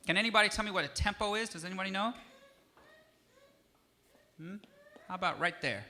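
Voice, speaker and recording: A man who is a musician teaching a young audience, lively and encouraging as he coaxes them to answer. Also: high voice, brisk. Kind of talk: interactive music lesson for kids.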